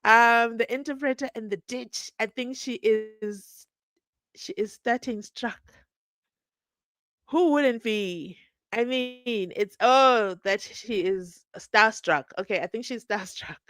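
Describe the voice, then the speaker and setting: Animated woman streamer. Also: fairly high pitch, slow, no echo. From South Africa. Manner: animated, laughs often, mock-incredulous questions. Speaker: true crime channel host. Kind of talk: casual live-stream commentary reading chat.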